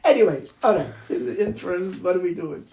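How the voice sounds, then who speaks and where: A man's voice: high-pitched, animated, fast, darkish tone. An older man from New City, telling chatty, profane family stories in a casual interview at home. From New York City. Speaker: interviewee, accordion player. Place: home room in Queens. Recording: roomy room echo.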